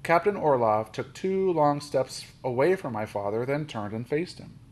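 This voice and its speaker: A man reading a children's novel aloud, lifting his voice for quoted lines and dropping low on speech tags. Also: moderate pace. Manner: steady storybook reading, with small restarts.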